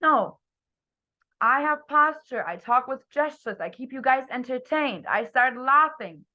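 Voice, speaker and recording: A young woman coaching her team on a video call, talking energetically and expressively, her voice swinging between loud and soft. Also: high-pitched, expressive, normal speed, dull audio. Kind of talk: motivational talk on a group video call.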